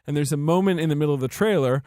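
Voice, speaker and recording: A man co-hosting a podcast, chatting in an animated, joking way. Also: a little high, racing, no room sound, studio quality. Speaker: podcast co-host. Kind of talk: casual chat.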